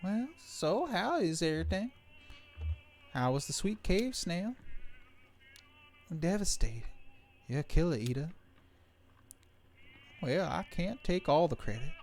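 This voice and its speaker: A man's voice: a little high, sing-song, slow, long pauses, darkish tone, soft background music. Playful male streamer reading game dialogue. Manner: playful, reads game lines aloud between jokey asides.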